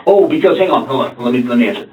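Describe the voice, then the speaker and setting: A man's voice: medium pitch, animated, racing, slight background noise. A male police detective interrogating a suspect in a blunt, confrontational, lecturing manner. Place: interrogation room. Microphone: room camera from afar. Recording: muffled echoey room from far off.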